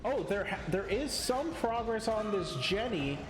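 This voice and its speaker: A young man commentating a video game match live, his voice fairly high and swinging widely as the action turns. He gets excitable and sometimes stumbles over his words. The sound is roomy and echoey, with clear background noise. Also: a little slow. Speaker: esports caster.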